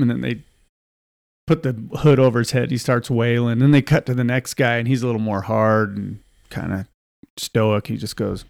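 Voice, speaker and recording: Gravelly man retelling film scenes. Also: mid-range voice, steady tone, moderate pace, a little mellow, dry recording, studio quality. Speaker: podcast host. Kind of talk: casual chat.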